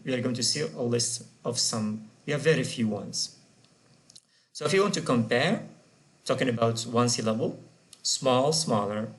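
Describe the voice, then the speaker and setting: A man teaching an English grammar lesson, patiently repeating and spelling out example words. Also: medium pitch.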